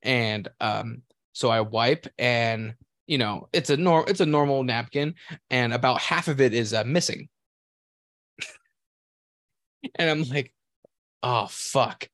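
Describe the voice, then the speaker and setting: A man's voice: mid-range voice, a little slow, fairly bright tone, no room sound, clean studio sound. A man co-hosting a casual podcast, telling a crude story at length, rambling and laughing as he goes. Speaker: podcast co-host.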